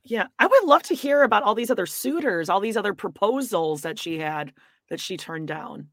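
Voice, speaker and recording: A woman's voice: mid-range voice, animated, moderate pace, a bit bright, no room sound. A woman co-hosting a podcast in casual chat, chiming in with dry, teasing remarks. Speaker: podcast co-host.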